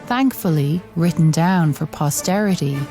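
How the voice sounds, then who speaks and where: A woman reading a scripted documentary narration in a measured, deliberate way, with soft music underneath. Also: fairly low pitch, animated.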